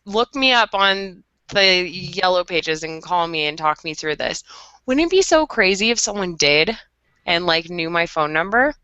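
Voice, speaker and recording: A woman's voice: fairly low pitch, expressive, unhurried, pushed and bright, clean tone, dry recording, muffled recording. A woman co-hosting a podcast over a video call, rambling in a melodramatic, chatty way. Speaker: podcast co-host. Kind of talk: casual chat.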